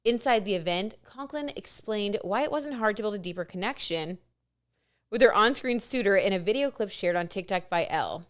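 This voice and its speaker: A woman vlogger and tarot reader chatting excitedly to camera, full of asides and "like". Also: mid-range voice, brisk. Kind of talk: casual gossip chat to camera.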